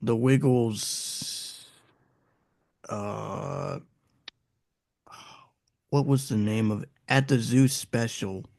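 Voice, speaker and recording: Slow, gravelly, lively man. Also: lowish voice, no echo, clean studio sound. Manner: halting, searches for words. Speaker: podcast co-host. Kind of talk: casual chat.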